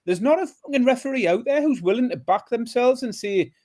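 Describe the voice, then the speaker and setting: A man's voice: extremely high pitch, expressive, fairly quick, dark tone. A man co-hosting a podcast, complaining emphatically and with exasperation in casual chat. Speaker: podcast co-host.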